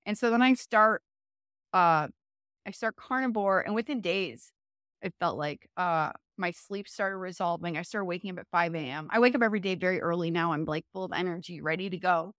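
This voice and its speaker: A woman's voice: fairly low pitch, a little fast, fairly bright tone, dry recording, studio quality. A woman speaking as an interview guest, telling her story in a casual, chatty way, full of fillers and self-corrections and often laughing.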